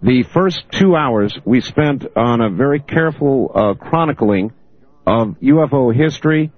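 Male call-in radio host, measured and steady, dry lo-fi broadcast. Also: mid-range voice, no room sound. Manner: steady, measured, moderating callers. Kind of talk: late-night call-in radio hosting.

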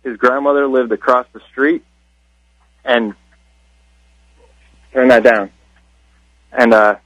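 A man's voice: mid-range voice, steady tone, slow pace, a bit bright, no room sound. A man calling into a radio show, telling a story in a rambling, casual way over a phone line. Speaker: caller.

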